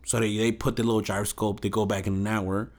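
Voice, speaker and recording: A man's voice: fairly low pitch, little pitch movement, fast talker. A young man casually retelling a film in a rant, swearing often, using slang and mimicking the people in it.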